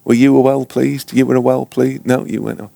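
A man's voice: medium pitch, level tone, a little fast, creaky, mellow, no echo. A man teaching a Bible class informally, rambling and joking, often breaking off mid-sentence. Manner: rambling, self-interrupting, joking. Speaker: ministry school teacher.

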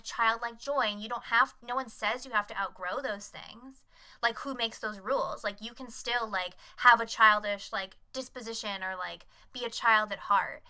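A woman's voice: on the high side, sharp tone. A young woman co-hosting a casual podcast, chatting and gushing with lots of filler words. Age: young adult. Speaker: podcast co-host. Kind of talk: casual chat.

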